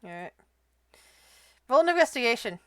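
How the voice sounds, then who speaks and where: A woman narrating as game master of a tabletop role-playing game, relaxed and thinking aloud. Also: on the high side, moderate pace, no echo.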